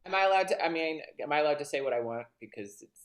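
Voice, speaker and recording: A man's voice: fairly high pitch, animated, fast talker. A British man hosting a podcast, chatting casually with bawdy, teasing humor. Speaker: podcast host. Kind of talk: casual chat.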